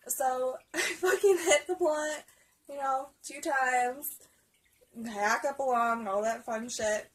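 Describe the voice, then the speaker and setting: A woman's voice: high voice, normal speed, a bit bright, rough recording. A young adult woman telling a rambling storytime vlog story, swearing constantly and laughing as she goes. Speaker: vlogger. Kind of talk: casual storytime.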